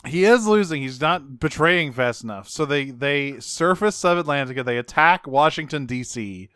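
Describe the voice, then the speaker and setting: A man with a smooth, resonant voice, co-hosting a casual podcast. He recaps a cartoon episode with lively energy and acts out the characters' lines in goofy voices. The recording is dry and close. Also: mid-range voice, dry recording. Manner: animated, swears a lot, acts out quotes in jokey voices. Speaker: podcast co-host.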